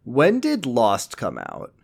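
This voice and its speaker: A man's voice: mid-range voice, wildly swooping pitch, takes it slowly, gravelly, breathy edge. A man co-hosting a podcast, rambling through an episode recap with jokey asides and restarts. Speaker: podcast co-host recapping a show. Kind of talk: casual chat.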